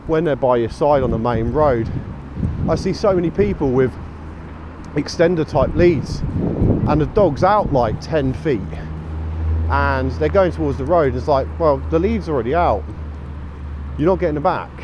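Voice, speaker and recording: A man's voice: on the high side, lively intonation, normal speed. A man rambling casually to an action camera while walking his dog outdoors, stopping to call out commands. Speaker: dog walker vlogger. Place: outdoors on streets and fields at dusk. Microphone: action camera mic. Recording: outdoor action camera with clear traffic noise. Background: traffic and street noise.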